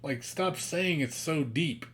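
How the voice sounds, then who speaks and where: A man's voice: a little high, slow pace, a bit bright. Male streamer, casual exasperated rant, profane, mimics others mockingly. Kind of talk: casual chat.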